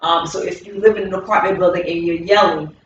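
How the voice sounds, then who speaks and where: A woman's voice: fairly low pitch, fairly even intonation, fast, lo-fi sound, slight background noise. A woman teaching as a movement coach, repeating key words with emphasis as she demonstrates. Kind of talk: instructional talk with movement demonstrations. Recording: very echoey room, distant mic.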